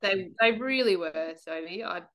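A woman guest telling her story in a casual interview, animated, laughing often and acting out her own past thoughts. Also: mid-range voice, normal speed.

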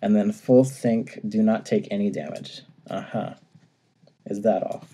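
A man's voice: fairly low pitch, fairly even intonation, measured pace, warm tone, slightly rough. A man casually recapping a video game story, now and then acting out lines and laughing. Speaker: podcast co-host.

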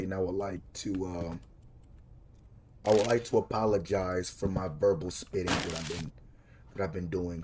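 A man's voice: deep voice, steady tone, normal speed, noisy background. A man giving casual, profane commentary while playing a horror game, talking to himself about how scared he is. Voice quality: profane, jumpy, talks to himself. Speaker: gaming streamer.

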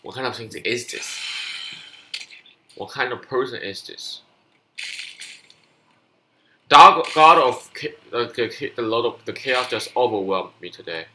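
A man doing live gameplay commentary as a gaming youtuber, excitable and swinging from frustrated yelling to low muttering. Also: moderate pace, a little hiss or hum.

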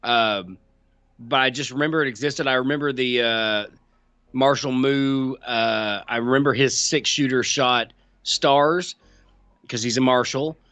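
Easygoing man with a bright voice. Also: mid-range voice, unhurried, clear, resonant tone, no room sound, soft background music. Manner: easygoing, hesitant with fillers, dry quips. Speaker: podcast co-host. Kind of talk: casual chat.

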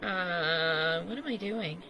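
A gamer who chats casually and swears a lot while playing, reacting out loud to the screen. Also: mid-range voice, takes it slowly, background noise. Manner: profane, laughing, talking to the screen. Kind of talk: casual gameplay chat.

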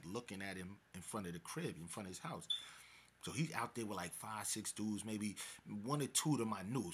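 A man casually telling a personal street story, rambling and filling pauses with "so" and "boom". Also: a bit bright, slightly rough. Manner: rambling, many filler words like "boom" and "so".

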